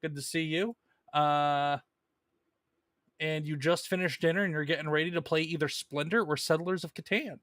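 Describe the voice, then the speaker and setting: A man hosts a casual comic book live stream, reading chat messages aloud and talking loosely with plenty of fillers. His voice sits a little high and sounds bright and forward. The recording is dry and close to the mic. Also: moderate pace, no room sound. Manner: chatty, with many fillers and restarts, reads viewer messages.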